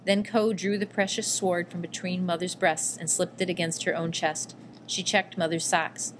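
A woman narrating a first-person memoir in a measured, quietly emotional reading. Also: on the low side, flat delivery, noisy background. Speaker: audiobook reader.

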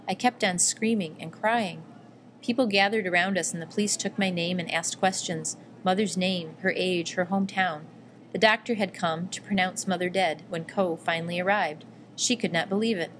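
A woman narrating a first-person memoir in a measured, quietly emotional reading. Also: mid-range voice, a little hiss or hum. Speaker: audiobook reader.

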